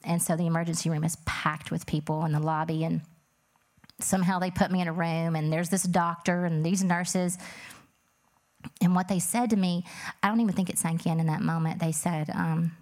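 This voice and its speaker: Woman, mother, speaking testimony; earnest, plain, low-ish pitch. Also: fairly even intonation, moderate pace, a little mellow. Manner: earnest, plain-spoken, with many fillers. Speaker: mother telling her story. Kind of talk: emotional personal testimony.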